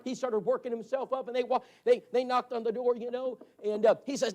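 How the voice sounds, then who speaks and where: A man's voice: high voice, a little fast, darkish tone. A man, preaching in a storytelling style and acting out the voices of the people in his stories. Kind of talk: storytelling sermon. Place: church hall.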